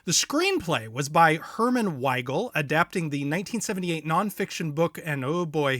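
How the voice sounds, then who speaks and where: Bright high-voiced male podcast host. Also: lively intonation, moderate pace, hardly any pauses, dry recording, clean studio sound. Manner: jokey, laughs often. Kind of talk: casual chat with read-out film notes.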